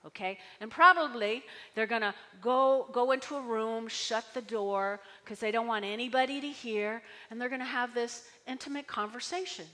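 A woman pastor preaching a sermon, animated and full of call-and-response, often checking in with "okay?". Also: a little high, normal speed, few pauses, big-room sound. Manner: animated, repeating key words, frequent "okay?".

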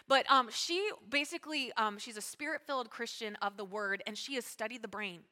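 A woman pastor preaching a sermon, talking fast and emphatically and calling out to her congregation. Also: fairly high pitch, pushed and bright. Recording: long hall reverb.

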